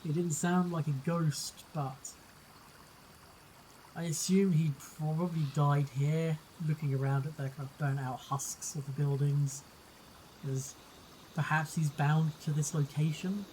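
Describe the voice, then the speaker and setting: A man's voice: on the high side, flat delivery, unhurried, a little mellow, slight background noise, poor audio. Man narrating as game master.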